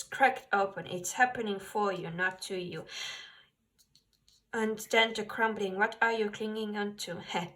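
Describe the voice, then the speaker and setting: Slow, bright-voiced woman tarot reader. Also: on the high side. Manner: soft-spoken, gentle, laughs often, slow and unhurried. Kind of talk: pick-a-card tarot reading.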